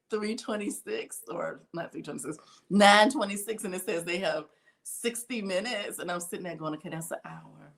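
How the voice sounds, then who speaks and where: Lively laughing woman education vlogger. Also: medium pitch. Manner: animated, laughs often, acts out quoted voices. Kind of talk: casual daily vlog talk.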